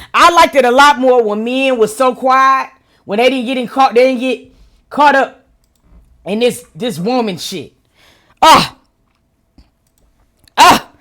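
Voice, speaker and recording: A woman reacting to clips as a streamer, loud and exclaiming with frequent laughs, speaking. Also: sits high. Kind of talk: casual reaction commentary.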